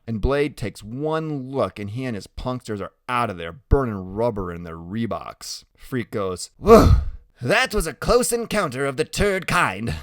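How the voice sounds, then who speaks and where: A man narrating a first-person audiobook in an animated, expressive storytelling manner. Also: mid-range voice, dry recording, clean studio sound.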